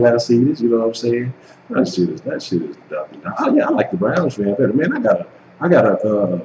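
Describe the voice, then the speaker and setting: In an echoey room with faint background noise, a man with a fairly low, warm voice hosts a sports live stream. He goes after rival fans and trolls in a heated, casual rant that is profane and repetitive.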